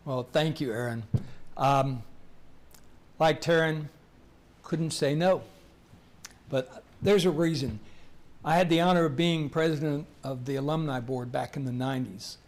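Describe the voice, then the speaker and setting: Older man, measured alumni guest. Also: a little high. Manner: measured, reminiscing, hesitant fillers.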